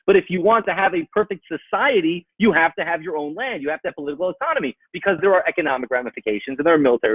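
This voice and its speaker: A man's voice: on the high side, slightly rough, no room sound. A man speaking as a rabbi, giving a rhetorical talk that argues with imagined objections and builds to emphatic peaks. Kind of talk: animated Torah talk. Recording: tinny phone-like sound, dry.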